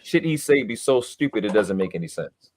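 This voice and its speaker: A man's voice: fairly low pitch, expressive, brisk, a little mellow, slight background noise. A man talking in a heated, casual podcast conversation, boastful and emphatic, with lots of swearing. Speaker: podcast guest. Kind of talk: heated casual debate talk.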